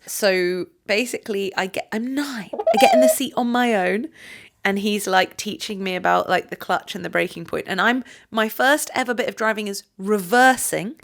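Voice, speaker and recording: A woman co-hosting a podcast, telling stories in animated, sweary casual chat. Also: medium pitch, gravelly, slight background noise. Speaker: podcast co-host.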